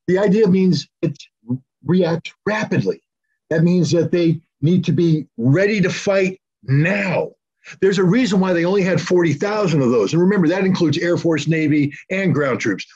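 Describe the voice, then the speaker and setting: A man's voice: fairly high pitch, darkish tone, slightly rough. An American man giving blunt, sarcastic, heated political commentary from home. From United States. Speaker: military commentator. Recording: dull lo-fi recording.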